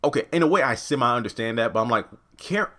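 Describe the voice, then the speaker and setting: A man's voice: animated, fast talker, pushed and bright. A man giving a casual review of a TV episode, exasperated, ranting and swearing freely. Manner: jumps into quoted lines with raised pitch. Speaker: TV show reviewer.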